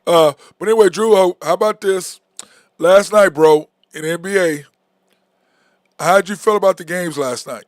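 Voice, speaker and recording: A man's voice: sits high, moderate pace, no room sound, studio quality. A man hosting a sports talk show, talking bluntly and with animation in casual sports chat. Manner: blunt, animated, says "okay?" and "bro" a lot.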